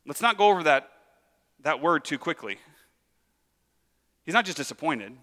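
High, bright-voiced preacher in a hall. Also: male voice, moderate pace. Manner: casual, conversational preaching with lively voiced asides. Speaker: pastor. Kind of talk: sermon.

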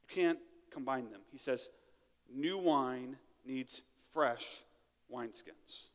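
A man's voice: mid-range voice, slow. Man preaching in a reverberant church hall. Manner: conversational preaching, asks "right?" often. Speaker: pastor. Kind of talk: sermon. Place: church sanctuary.

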